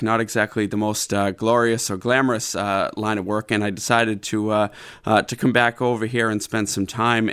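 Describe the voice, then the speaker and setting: A man's voice: lowish voice, fairly bright tone, clear, resonant tone. A man in his thirties from Boston with a Boston accent, a law lecturer speaking as an interview guest in a studio, earnest with many fillers. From Boston, USA. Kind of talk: radio interview. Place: remote studio.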